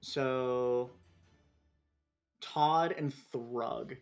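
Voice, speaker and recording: A man's voice: mid-range voice, drawn-out words, smooth, soft background music. A man running a tabletop game as game master, talking loosely with lots of fillers and restarts.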